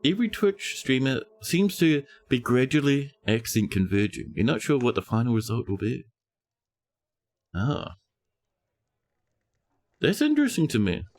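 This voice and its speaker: A man's voice: medium pitch, wildly swooping pitch, measured pace, long pauses, darkish tone, slight background noise. A man with a New Zealand accent, casually commentating his game stream with playful, mock-dramatic teasing and a soothing voice.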